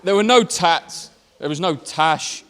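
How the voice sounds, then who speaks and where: A man giving a joking best man's speech at a wedding reception, brisk and apologetic. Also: fairly high pitch, a bit bright. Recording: long hall reverb with faint noise.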